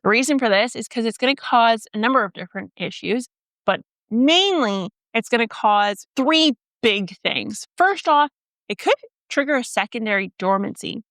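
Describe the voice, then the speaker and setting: A woman's voice: on the high side, lively intonation, moderate pace, a bit bright, dry recording, studio quality. A woman hosting a gardening channel, giving casual instruction with joking asides. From Canada. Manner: chatty, joking asides, listing items. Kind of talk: casual instructional talk to camera.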